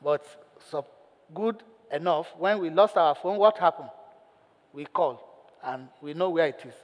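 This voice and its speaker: A male pastor preaching a sermon, telling a story with lively acted lines and putting questions to the congregation. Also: a little high, unhurried, big-room sound.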